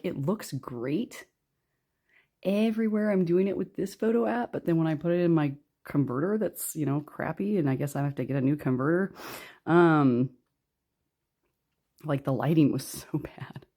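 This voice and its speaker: A woman's voice: deep voice, normal speed, dark tone. A woman doing a casual tarot card reading in her living room, chatty and snarky and laughing often. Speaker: tarot reader.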